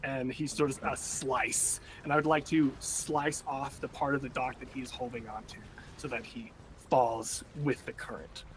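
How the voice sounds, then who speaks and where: A man's voice: mid-range voice, flat delivery, normal speed, few pauses, a little hiss or hum. A man playing a tabletop game, describing his character's actions animatedly with many restarts. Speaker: player. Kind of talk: tabletop game play, casual chat.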